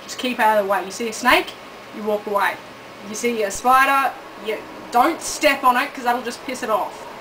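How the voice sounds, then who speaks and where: A woman's voice: on the high side, steady tone, normal speed, recorded from a distance, noisy background. A woman from Australia with an Australian accent, delivering a sweary, sarcastic comic monologue and correcting herself as she goes. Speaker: comic vlogger.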